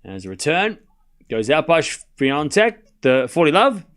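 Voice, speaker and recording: A man's voice: fairly high pitch, very animated, unhurried, a bit bright. A young Australian man hosting a casual live tennis watchalong, rambling between score calls. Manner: rambling and chatty, calling scores between asides. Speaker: host doing live tennis commentary. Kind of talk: casual live-stream commentary.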